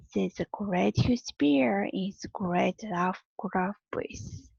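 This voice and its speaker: A woman teacher reading a storybook aloud to her students slowly and deliberately, with long pauses. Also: medium pitch, vocal fry, darkish tone, husky, no room sound, muffled recording.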